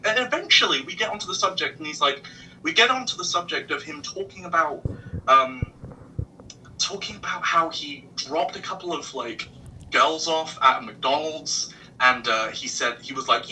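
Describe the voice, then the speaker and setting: A man with an English accent, a podcast guest telling an animated story over a video call. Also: a little high, moderate pace, far from the mic, slight background noise, rough recording. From England. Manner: animated, swears freely, mimics voices. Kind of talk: casual storytelling.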